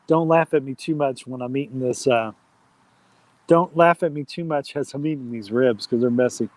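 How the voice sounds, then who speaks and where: A man's voice: medium pitch, moderate pace, dry recording. A man hosting an outdoor campfire live stream, chatting casually and reading viewer comments aloud. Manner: chatty, reads chat aloud, friendly shout-outs.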